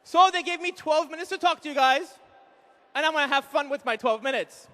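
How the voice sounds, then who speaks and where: A man in his thirties doing animated stand-up comedy, acting out quick voices of husbands and wives on a live hall mic. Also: very high-pitched. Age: 30s. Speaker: comedian speaker at an event. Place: large hall with an audience.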